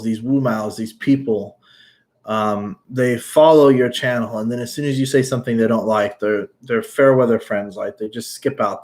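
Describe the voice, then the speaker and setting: Casual guy, blunt and outspoken, mid-range voice, livestream chat host. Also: medium pitch. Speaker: YouTuber answering live chat.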